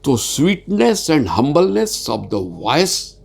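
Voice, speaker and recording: A man lecturing on sales communication in a halting, earnest way, repeating words and pausing often with fillers. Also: mid-range voice, vocal fry, darkish tone. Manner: speaks slowly with many fillers. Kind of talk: informal spoken lecture.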